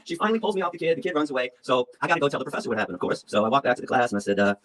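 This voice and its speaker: A man in his fifties telling stories in an interview, animated and blunt, repeating words as he talks. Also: medium pitch, rough recording. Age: 50s. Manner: animated, blunt, fast-talking with repetitions. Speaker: activist speaker.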